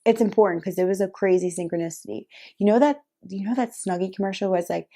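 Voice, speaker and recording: A woman's voice: mid-range voice, fast, mellow. A young woman telling a personal story to camera in a casual, chatty way, full of "like" fillers and laughs. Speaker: vlogger.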